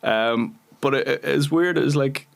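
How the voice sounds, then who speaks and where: A man's voice: medium pitch, a little slow, creaky. A Northern Irish man in his thirties, a guest actor telling chatty anecdotes on a podcast and laughing often. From Northern Ireland. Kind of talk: casual podcast chat.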